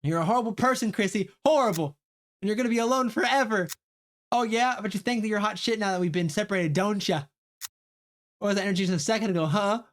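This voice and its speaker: A man voicing a spiteful girl yelling insults in a fight. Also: high-pitched, fast, pitched above the performer's own voice, close to an everyday voice.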